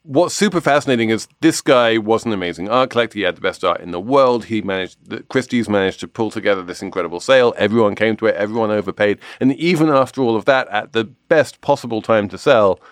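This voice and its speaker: A man's voice: lowish voice, fast, few pauses, dry recording, studio quality. A man hosting a podcast in casual chat, explaining things with confident asides. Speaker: podcast host.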